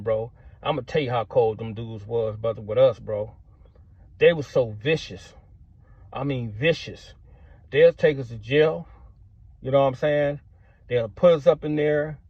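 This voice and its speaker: A man's voice: medium pitch, no room sound. A middle-aged man telling a story in casual street slang, filling his talk with "man" and "bro". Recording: dull lo-fi sound, dry.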